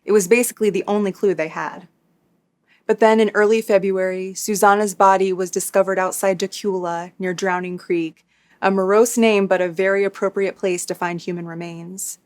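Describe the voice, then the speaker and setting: A woman tells a true crime story from a script in a mid-range voice. She keeps her delivery steady and matter-of-fact, dropping in the odd dry aside. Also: medium pitch, normal speed. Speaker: true crime YouTuber host.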